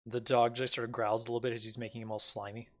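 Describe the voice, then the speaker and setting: Bright-voiced man running a tabletop game. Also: mid-range voice, level tone, racing. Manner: loose, rambling narration with many fillers. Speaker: game master.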